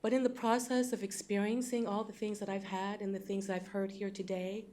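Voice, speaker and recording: A woman's voice: mid-range voice, little pitch movement, a little fast, warm tone, a little hiss or hum. A woman sociologist giving earnest, imploring testimony at a public hearing.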